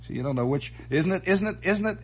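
A man's voice: high voice, expressive, fast, slightly rough. A man hosting a radio monologue, rambling theatrically and making sound effects with his voice. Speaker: radio host. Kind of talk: late-night radio monologue. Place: radio studio.

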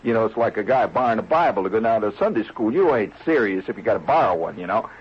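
A man's voice: lowish voice, expressive, quick pace, breathy edge, lo-fi sound. A man telling a rambling comic story in a folksy, digressive way. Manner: folksy, digressive, lots of "see?" and "you know". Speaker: comedian.

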